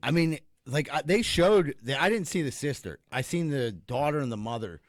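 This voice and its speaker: A man's voice: on the high side, expressive, moderate pace, dry recording, studio quality. A man co-hosting a podcast in casual chat, joking and cursing. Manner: joking, profane, laughs easily. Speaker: podcast co-host.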